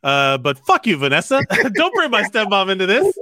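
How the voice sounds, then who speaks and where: A man's voice: sits high, huge pitch swings, moderate pace, pushed and bright, no room sound, studio quality. A young man co-hosting a podcast, profane and squeamish, playing up mock disgust. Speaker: podcast co-host. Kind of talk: casual comedic chat.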